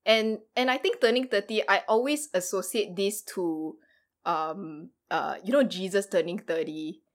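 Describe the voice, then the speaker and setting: A woman in her thirties who works in ministry, talking through her thoughts in a casual panel chat, pausing often with fillers and restarts. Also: medium pitch. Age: 30s. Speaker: ministry worker, panel guest.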